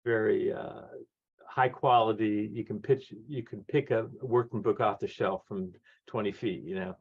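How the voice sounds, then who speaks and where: A man in his sixties, a guest author telling lively stories, acting out the voices of people he quotes and laughing often. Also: lowish voice, normal speed, husky. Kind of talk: conversational storytelling. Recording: dull lo-fi audio.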